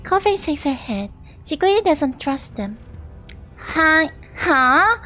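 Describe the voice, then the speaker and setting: A woman's voice: sits high, big pitch swings, normal speed, a little mellow, soft background music, low-quality recording. A young woman streamer with a Singaporean English accent, reading game narration aloud and chatting between lines. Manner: chatty, reads narration then asides to chat. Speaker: VTuber streamer.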